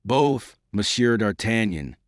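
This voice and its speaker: A man's voice: lively intonation, takes it slowly, dry recording, studio quality. A man doing a gossipy royal falconer. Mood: confiding. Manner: confiding, low-voiced. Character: humble male royal falconer, loyal, gossipy.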